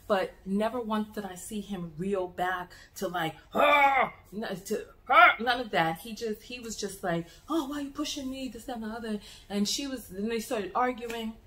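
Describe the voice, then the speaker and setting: A woman's voice: on the high side, roomy sound. Chatty American woman vlogger. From United States. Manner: animated storyteller with many restarts and repeated words. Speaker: travel vlogger. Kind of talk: casual vlog chat to camera.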